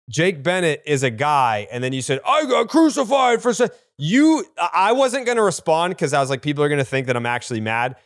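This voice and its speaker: A man co-hosting a casual sports podcast, animated and mock-scolding, laughing as he talks. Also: on the high side, clear, resonant tone, no room sound, studio quality. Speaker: podcast co-host.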